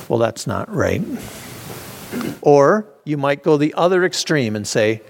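A man's voice: on the high side, lively intonation, slow, gravelly, pauses often. A man leading an informal Bible study, talking conversationally with restarts and acting out the voices people use to excuse themselves. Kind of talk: informal teaching.

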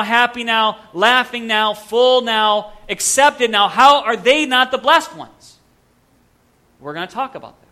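A man preaching a sermon to his congregation, earnest, with rhetorical questions and drawn-out pauses. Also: extremely high pitch, pushed and bright. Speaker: pastor.

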